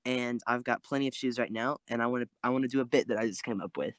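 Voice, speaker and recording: A man rambles playfully while chatting with friends on a podcast, speaking from his closet and filling his talk with lots of "like" and "um." His medium-pitched voice is steady and quick, and the recording has no echo.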